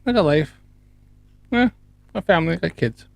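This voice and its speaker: A Canadian man hosting a casual livestream, talking to his chat in halting bits full of fillers. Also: a little high, expressive, vocal fry. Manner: halting, filler-heavy, chuckling asides to chat. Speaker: livestream host.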